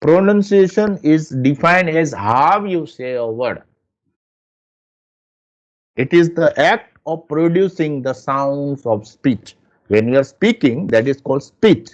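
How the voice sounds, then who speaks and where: A male teacher gives a lecture, speaking in a slightly raised pitch and at a very unhurried pace. He drills example words one by one and repeats them. The recording sounds muffled and lo-fi. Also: expressive. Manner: explains slowly with many repeated example words. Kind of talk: lecture on English pronunciation.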